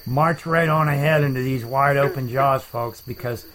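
A man hosting a comedic chat show, rambling deadpan and making up silly words. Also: medium pitch, moderate pace, a little hiss or hum, poor audio. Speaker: podcast host.

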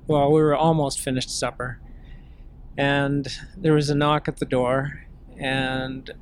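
A man being interviewed, recounting family memories in a gentle, unhurried way. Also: medium pitch, a little hiss or hum. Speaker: interview guest. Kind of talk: storytelling in an interview.

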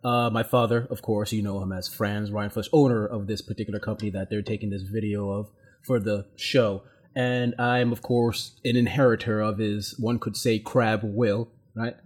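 A man's voice: fairly low pitch, fairly even intonation, normal speed, breathy edge, voice pushed down. A man role-playing a self-important 32-year-old male heir who rambles with many restarts and sounds pleased with himself. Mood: smug. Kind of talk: in-character role-play.

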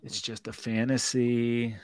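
A man's voice: mid-range voice, level tone, slow pace, smooth, no room sound. A man co-hosting a sports podcast in casual banter, playful and jokey. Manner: playful, jokey, calls people baby. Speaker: podcast co-host.

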